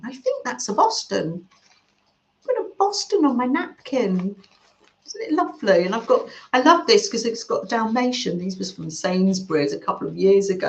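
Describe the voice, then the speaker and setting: A woman gently chatting with her livestream viewers and reading their comments aloud, with soft murmurs and coos. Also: fairly high pitch, slight background noise. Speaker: craft livestream host. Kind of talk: casual chat reading live comments. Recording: slightly dull sound in an echoey room.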